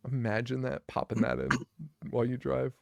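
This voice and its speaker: A man's voice: medium pitch, level tone, normal speed, vocal fry, darkish tone, dry recording, clean studio sound. A young man co-hosting a horror movie podcast in casual chat, recapping scenes with profanity and acting out the characters' lines. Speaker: podcast co-host.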